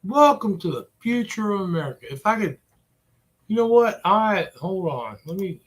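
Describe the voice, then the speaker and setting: A man's voice: high voice, sing-song, normal speed. A man hosting his own gaming channel, ranting profanely and with exasperation while he plays. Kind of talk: ranting gameplay commentary.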